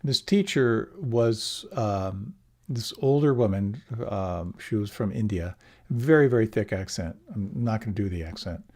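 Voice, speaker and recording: A middle-aged man giving a gentle, unhurried meditation talk, often restarting his phrases as he teaches. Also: fairly low pitch, expressive. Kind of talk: dharma talk.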